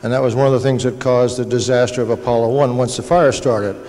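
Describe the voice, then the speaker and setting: An older man tells stories on a panel with a dry, joking manner. His voice sits at an ordinary pitch. A long reverb from a large hall trails each phrase. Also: fairly even intonation, fast talker, a little mellow. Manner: dry humor, anecdotal.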